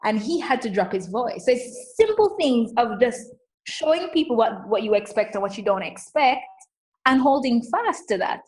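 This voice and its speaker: A woman coach talking in a casual interview, emphatic and animated, often saying "like". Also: a little high, moderate pace, poor audio. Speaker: coach and guest.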